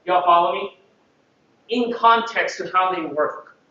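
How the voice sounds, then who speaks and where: A man's voice: sits high, measured pace, bright, forceful tone, slight background noise. Playful conference speaker guy from the philippines, dull muffled sound, lots of echo. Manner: playful, audience-engaging, acts out quotes. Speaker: conference presenter. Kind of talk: conference talk. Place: large conference room. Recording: echoey room, distant and dull mic.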